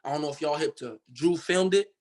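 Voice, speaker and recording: A man's voice: a little high, brisk, darkish tone. A young man from Cincinnati, Ohio, telling his story as a guest in a casual interview, in a loose, slangy way full of fillers. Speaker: guest artist.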